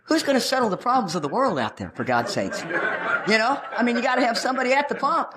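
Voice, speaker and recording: A woman's voice: a little high, big pitch swings, fast talker, a bit bright. Woman, middle-aged, recovery talk, brash storyteller, faint background hiss. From Texas. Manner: brash, joking, acts out quotes. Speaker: recovery meeting speaker. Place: meeting room.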